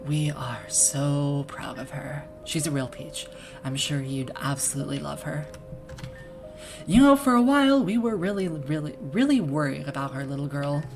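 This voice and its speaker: A woman reading the lines of a chatty small-town parent in a video game, in a put-on Minnesota accent that drifts into Irish. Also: deep voice. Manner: folksy, gossipy, talkative. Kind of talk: reading game dialogue aloud.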